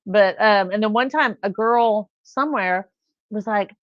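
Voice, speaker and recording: Speaking a little slowly in a mid-range voice, a middle-aged Californian livestream host shares chatty anecdotes and does the voices of the people in them. There's no room sound, though the stream audio is dull and lo-fi.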